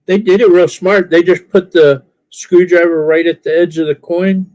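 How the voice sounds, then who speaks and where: A man in casual podcast chat, telling relaxed, rambling anecdotes with fillers. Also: high voice, moderate pace, no room sound, muffled recording. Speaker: podcast panelist.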